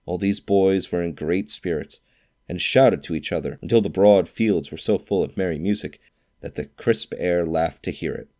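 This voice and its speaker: A man with a very low, dark voice narrates a classic novel in an expressive storytelling manner. He shifts into character for quoted lines. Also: normal speed.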